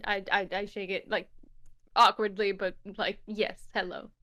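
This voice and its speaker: A woman's voice: mid-range voice, flat delivery, normal speed, pushed and bright. A woman playing in a tabletop game, awkward and giggly. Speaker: player.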